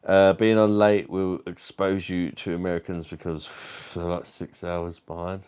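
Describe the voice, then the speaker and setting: Deep voiced british guy on a live stream, chatty, jokey, swears a lot. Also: little pitch movement, unhurried, a little mellow, clear, resonant tone. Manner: jokey, self-mocking, swears freely. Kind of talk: casual chat while reading live comments.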